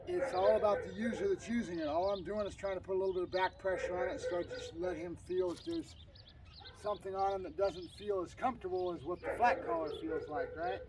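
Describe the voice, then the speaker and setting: A man who is a dog trainer, chatting casually to the camera and praising his puppy in short bursts. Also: high voice. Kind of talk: casual training vlog with commentary. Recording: distant mic with loud background noise.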